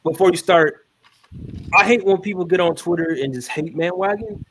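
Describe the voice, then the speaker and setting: A man's voice: high-pitched, moderate pace, slight background noise. A young man hosting a podcast panel, steering the casual talk by asking his friends questions. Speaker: podcast host.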